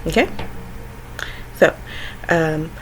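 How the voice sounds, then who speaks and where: Young woman, lower register, casual to-camera storyteller, chatty and frank, heavy on "um" and "you know", acts out voices. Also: drawn-out words, slightly rough, low-quality recording. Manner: acts out her younger self and family in quotes. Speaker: vlogger.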